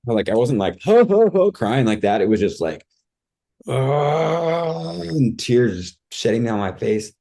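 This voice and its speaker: Man, podcast guest, casual storytelling, low warm voice, acts out his own reactions. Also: moderate pace. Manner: vivid, acts out his own cries and thoughts, says "dude" and "like" a lot.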